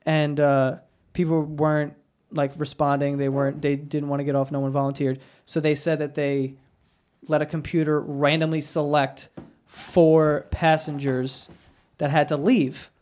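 A man's voice: a little high, level tone, unhurried, darkish tone. A man hosting a podcast, telling a story in crude, casual chat with lots of swearing. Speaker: podcast host.

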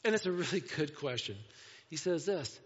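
Animated high-voiced preacher in a hall. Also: male voice, normal speed, husky. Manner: animated, acts out voices in quotes. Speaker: pastor. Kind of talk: sermon. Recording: dull sound with long hall reverb.

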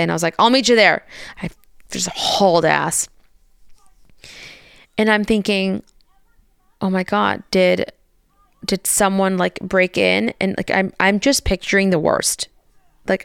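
A woman in her thirties casually telling her followers a story, chatty and animated, swearing now and then and quoting the people in it. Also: medium pitch, creaky, clear, resonant tone, no room sound, clean studio sound. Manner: chatty, animated retelling with swearing and quoted voices.

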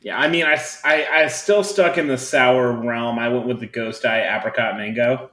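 A man's voice: medium pitch, normal speed, pushed and bright. A man co-hosting a podcast in casual chat, joking and self-mocking. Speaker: podcast co-host. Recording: echoey room, faint background noise.

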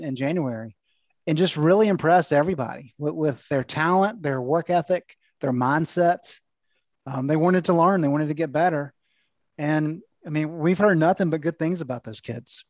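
Measured higher-voiced male sports reporter. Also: dry recording. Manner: measured, rambling explanation. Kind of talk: casual sports analysis.

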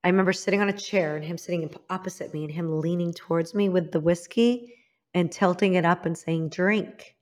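A woman from Illinois telling her own story as an interview guest, frank and emphatic, dropping to a hushed voice for the painful memories. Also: lowish voice, a little fast. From Illinois, United States. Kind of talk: candid personal storytelling.

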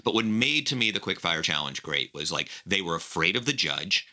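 Low-voiced man, bright and animated. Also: a little fast. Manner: animated, peppered with "like". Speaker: podcast co-host. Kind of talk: casual recap chat.

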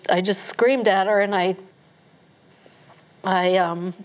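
A middle-aged woman, a guest on a TV interview, recounting events haltingly with many restarts. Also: medium pitch, fairly even intonation.

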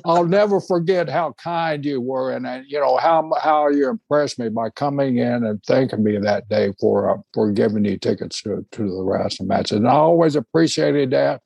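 A man hosting a casual chat, telling rambling stories with many halting restarts. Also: medium pitch, creaky, a little mellow, slightly rough, no room sound. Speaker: podcast host.

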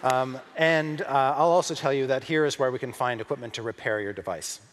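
Brief: male dungeon master, loose descriptive narration, mid pitch, reverberant room. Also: brisk, background noise. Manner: relaxed descriptive narration with fillers. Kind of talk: narrating a tabletop game.

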